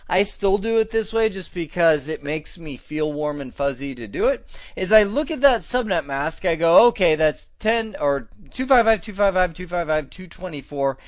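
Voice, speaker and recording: A man's voice: fairly high pitch, no room sound. A man teaching networking in a casual, upbeat way, thinking aloud with fillers and small laughs. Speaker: networking instructor. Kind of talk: casual screen-recorded tech lesson.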